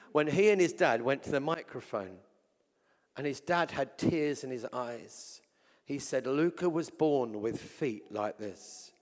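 Animated preacher man in a reverberant hall. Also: fairly high pitch. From England. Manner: animated, swings between loud exclamations and hushed asides. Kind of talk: sermon with storytelling. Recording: long reverb from a large hall.

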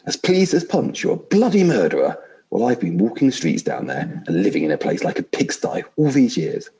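A man's voice: mid-range voice, wildly swooping pitch, brisk, warm tone, voice pushed up. A man reading aloud and voicing a big, aggrieved male ghost who insists on his rights. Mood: indignant. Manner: indignant, complaining.

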